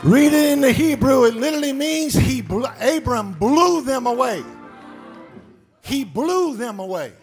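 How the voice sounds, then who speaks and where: Male pastor, gravelly and emphatic sermon delivery, faint music behind. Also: expressive, measured pace. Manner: emphatic, swings from low murmurs to shouts; calls out to the congregation.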